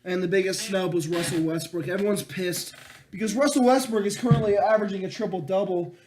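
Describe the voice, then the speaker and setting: A man's voice: high-pitched, a little fast, a little mellow. A young man, a podcast co-host, ranting in casual, profane sports chat, mocking and chanting names in a sing-song.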